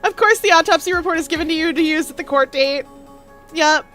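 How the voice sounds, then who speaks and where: A woman's voice: extremely high pitch, fairly quick, bright, forceful tone, faint music behind. A woman streaming a video game, chatting playfully with viewers in casual commentary. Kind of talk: casual gaming livestream commentary.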